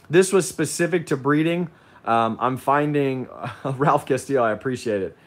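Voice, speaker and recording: A man's voice: medium pitch, moderate pace. A man hosting a casual livestream, reading viewer comments and rambling with frequent ums and restarts. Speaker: livestream host.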